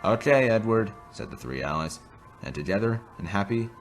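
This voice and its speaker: A man with a low voice narrates a toy train story, his pitch rising and falling a lot. He reads in an expressive storybook style over faint music. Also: brisk.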